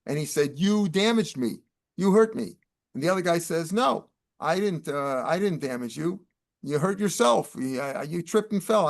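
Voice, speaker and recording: Older man, Talmud lesson, slightly high voice, casual explaining. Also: creaky. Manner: explains Aramaic terms in casual American English, with restarts. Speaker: Talmud teacher.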